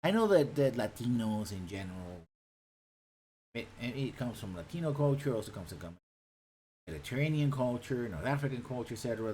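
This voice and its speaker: A man's voice: medium pitch, darkish tone, slight background noise, poor audio. A man from Puerto Rico chatting casually on a live stream, rambling and swearing freely. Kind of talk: casual chat.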